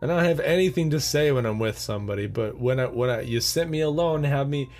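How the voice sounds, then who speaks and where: A young man talks on his own for a podcast, wandering from rant to rant and chuckling at his own jokes. His voice sits at an ordinary pitch for a man, with casual swearing throughout. Faint music plays underneath. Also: fairly quick, a little mellow. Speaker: podcast host. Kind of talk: solo rambling podcast monologue.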